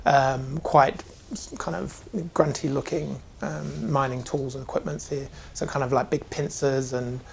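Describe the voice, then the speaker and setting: Man, game master, gravelly voice, hesitant narration, lots of fillers. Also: mid-range voice, level tone, unhurried, a little mellow, a little hiss or hum. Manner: hesitant, full of ums and kind-ofs.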